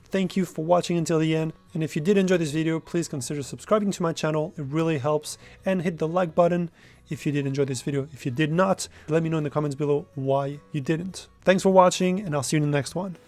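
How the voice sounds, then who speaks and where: A man's voice: fairly high pitch, fast talker, darkish tone, soft background music. A young man giving a casual, enthusiastic product review straight to camera.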